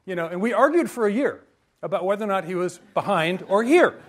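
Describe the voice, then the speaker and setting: A man's voice: high-pitched, fairly quick. A man giving a humorous university lecture, joking and quizzing his audience. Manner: lively and joking, asks the audience questions.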